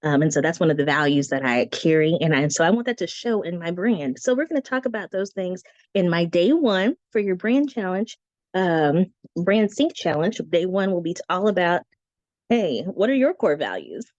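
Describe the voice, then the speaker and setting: Chatty woman with a squeaky voice. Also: normal speed, no echo. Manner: chatty, animated, breezy asides. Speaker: branding guest teacher. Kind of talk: casual teaching talk. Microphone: video call. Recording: dry, dull lo-fi call audio.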